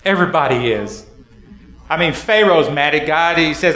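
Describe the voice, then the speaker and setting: A man's voice: a little high, moderate pace, sharp tone. A male pastor preaching a sermon in a church, talking conversationally and asking the congregation rhetorical questions. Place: church sanctuary. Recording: echoey hall.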